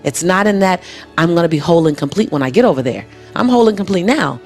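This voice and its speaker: Earnest woman, low register, motivational interview guest, soft music bed. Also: animated, quick pace. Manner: earnest, repeats key phrases for emphasis. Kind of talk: motivational conversation. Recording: music playing underneath.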